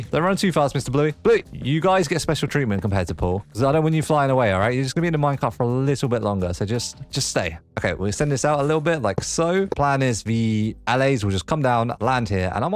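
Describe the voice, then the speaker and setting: A young man hosting a casual let's play, chatting as he builds and talking fondly to the creatures in his game. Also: medium pitch. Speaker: gaming video host.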